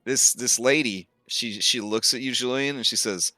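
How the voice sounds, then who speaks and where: A man narrating as game master, chatty and animated, laughing often. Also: mid-range voice, moderate pace, dry recording.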